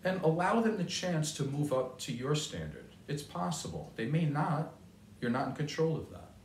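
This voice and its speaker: A man's voice: fairly high pitch, sing-song, normal speed, slight background noise. An older man giving a motivational talk with a personal story, earnest and conversational, repeating his key points. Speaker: motivational speaker. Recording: roomy sound from a distance.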